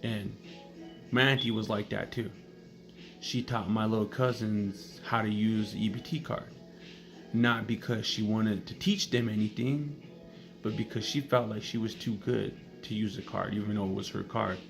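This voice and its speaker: A man's voice: fairly low pitch, steady tone, normal speed, vocal fry. A man casually telling comedic stories in a blunt, profane way. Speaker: storyteller. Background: background music.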